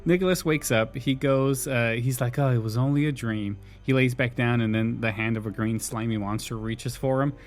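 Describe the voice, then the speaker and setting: A man's voice: mid-range voice, steady tone. Laughing male podcast host recapping a show. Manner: retells scenes with quick acted quotes, laughs often. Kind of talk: casual recap chat.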